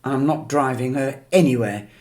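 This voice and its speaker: A man's voice: mid-range voice, moderate pace, natural voice. A man voicing an irritable middle-aged taxi driver with a Dublin accent, speaking sharply and curtly. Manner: sharp and curt.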